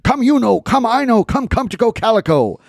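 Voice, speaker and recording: A man's voice: sing-song, brisk, gravelly, no room sound, studio quality, full character voice. A man playing a frightened old mountain man who calls out to his dogs in a strained, stuttering voice. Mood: calling. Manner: high, strained calling and stuttering.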